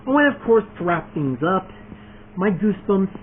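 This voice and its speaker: A video creator with a high, expressive voice talks casually at a moderate pace in a vlog, announcing his fan series. He rambles through his plans with lots of fillers and restarts, eagerly tacking on one point after another. The recording sounds tinny and phone-like, with faint noise.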